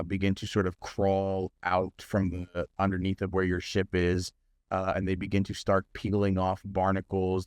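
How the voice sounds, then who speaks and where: Deep-voiced, unhurried game master man. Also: clear, resonant tone, no room sound. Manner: unhurried, hesitant with fillers. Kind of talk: narrating a tabletop game.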